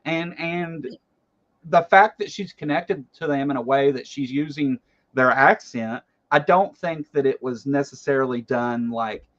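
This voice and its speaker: A man's voice: mid-range voice, measured pace, fairly bright tone, dull audio. A man hosting a livestream, giving blunt, casual political commentary and swearing freely. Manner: blunt, swears freely, reads chat aloud. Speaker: livestream host.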